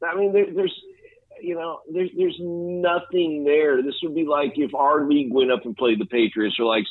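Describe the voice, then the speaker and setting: A man's voice: on the high side, big pitch swings, moderate pace, no echo. A man co-hosting a casual fantasy league chat, rambling and bluntly trash-talking with laughs. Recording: tinny phone-line sound.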